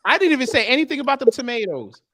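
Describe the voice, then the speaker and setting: Loud teasing man hosting a chat show. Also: very high-pitched, very animated, very fast, dry recording, clean studio sound. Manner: loud, joking, teasing banter. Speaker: podcast host. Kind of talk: casual comedic chat.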